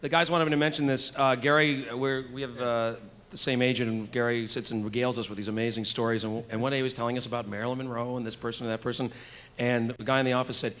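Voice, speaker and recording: A man's voice: medium pitch, flat delivery, fast talker, few pauses, a bit bright. A man moderating a live convention panel, telling anecdotes in a chatty way and laughing as he goes. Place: convention panel room with an audience.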